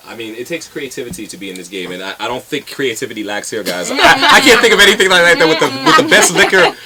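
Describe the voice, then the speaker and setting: A man hosting a radio show, joking and excitable in quick banter. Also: mid-range voice, a crowd in the background. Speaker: radio host. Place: radio studio.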